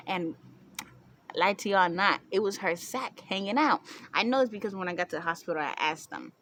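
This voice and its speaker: A woman's voice: mid-range voice, animated, fairly quick, a bit bright. A young woman tells a story to camera in a chatty way, laughing and acting out what people said. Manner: chatty, laughing, acts out quotes with squeals. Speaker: vlogger.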